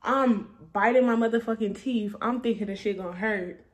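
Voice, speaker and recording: A woman's voice: on the high side, normal speed. A young adult woman telling a storytime vlog in a loose, profane, laughing way. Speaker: vlogger. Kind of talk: casual storytime monologue.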